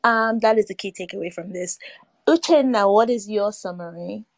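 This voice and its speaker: A woman's voice: mid-range voice, normal speed, dry recording, clean studio sound. A woman hosting a casual film-review chat, breezy and teasing as she moves the segments along. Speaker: podcast host.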